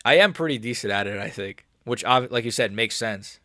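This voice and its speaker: A young male streamer talking in a loose, rambling way, jumpy with nerves and hype. His voice sits at a middle pitch, and the sound is dry and close with no echo. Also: brisk. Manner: excitable, rambling, keeps saying he's nervous. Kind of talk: live watch-along chat.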